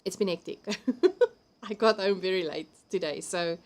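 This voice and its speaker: A woman with a South African accent hosts a relaxed live stream from home, talking through a computer mic. She chats freely, laughs often and reads viewers' comments aloud as they come in. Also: on the low side, unhurried. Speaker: livestream host. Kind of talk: casual chat reading viewer comments.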